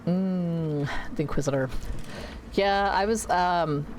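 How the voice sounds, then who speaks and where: Low-voiced chatty woman streamer. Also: slow, a little mellow, slight background noise, rough recording. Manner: rambling, chatty, self-correcting. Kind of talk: casual gameplay chat. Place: home computer room.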